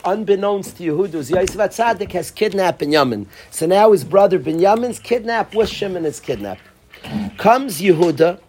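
A husky-voiced man leads a class, explaining a text in English dotted with Hebrew phrases. His delivery is animated, dropping low and then rising loud as he builds the story. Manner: animated storytelling with swings between soft and loud. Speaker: Torah teacher. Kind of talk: teaching a class.

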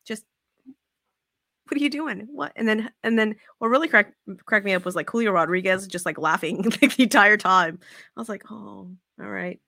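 A woman's voice: medium pitch, normal speed, vocal fry, no room sound, studio quality. A woman hosting a casual sports podcast, cursing freely and acting out players' voices. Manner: profane, animated, acts out quotes. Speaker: podcast host.

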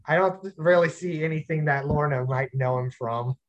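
A man's voice: on the high side, normal speed, muffled recording. A man hosting a podcast in casual chat, musing with hesitant restarts. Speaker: podcast host.

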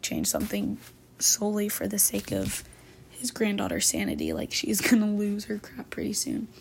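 Woman hosting a casual book chat, filler-heavy retelling, mid-pitched with vocal fry. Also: darkish tone, a little hiss or hum. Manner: chatty, filler-heavy, says "like" constantly. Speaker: book talk host.

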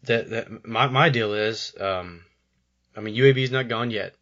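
A man's voice: fairly low pitch, normal speed, a bit bright, lo-fi sound. A man co-hosting a podcast, talking casually about college sports in rambling sentences with frequent stammered restarts. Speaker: podcast co-host.

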